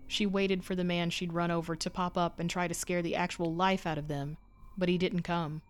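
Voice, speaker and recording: A woman narrating a horror short story with measured, suspenseful delivery. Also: fairly low pitch, level tone, soft background music. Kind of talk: scripted narration.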